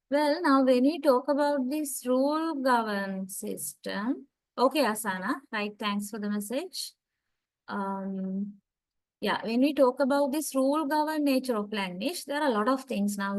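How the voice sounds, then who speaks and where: A woman giving an online university lecture, explaining slowly and checking in often with her students. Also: on the high side, low-quality recording. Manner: slow, deliberate explaining with frequent "right?" and "uh" checks.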